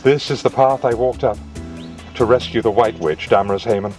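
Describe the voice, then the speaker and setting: A man's voice: medium pitch, fairly quick. A man in his sixties giving an enthusiastic, sentimental guided video tour outdoors in a village churchyard. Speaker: actor giving a location tour. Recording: distant mic with music behind.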